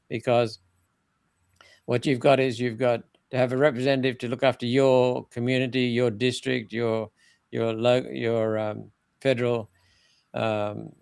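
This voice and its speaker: Here the former senator's voice sits at medium pitch, smooth but with vocal fry, in a dry recording. He's an older man giving a political interview as a guest, blunt and emphatic, frequently starting his phrases over.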